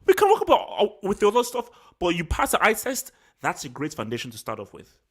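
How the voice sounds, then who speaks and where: Heated football vlog host, lively swooping pitch, slangy and repetitive, openly angry. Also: quick pace, slightly rough. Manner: animated, repetitive, slangy and self-assured; worked up and angry. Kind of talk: solo post-match reaction rant.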